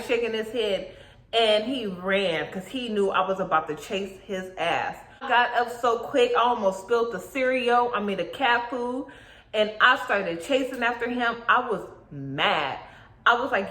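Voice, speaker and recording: A young adult woman telling a story in a casual, chatty vlog, animated and full of slang. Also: a little high, unhurried. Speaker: YouTube vlogger. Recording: echoey room.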